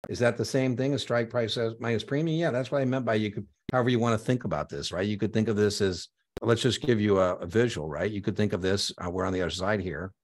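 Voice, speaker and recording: A male exam prep instructor with a very deep, low voice. He lectures live online in an energetic, conversational way and punctuates his points with emphatic "boom"s. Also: fast, few pauses.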